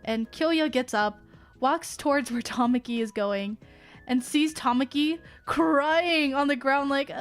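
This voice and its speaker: A woman streamer recapping an anime in a rambling, excited way, full of fillers and asides. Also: high voice, unhurried, soft background music. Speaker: VTuber streamer. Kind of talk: casual stream chat.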